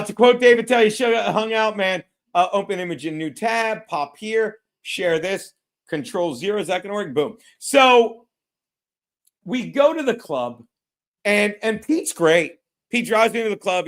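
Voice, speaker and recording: A man with a high voice hosts a loose livestream show. He tells rambling stories full of swearing and laughs at his own jokes, talking to viewers in a casual way. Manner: profane, rambling storytelling with laughs. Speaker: podcast host.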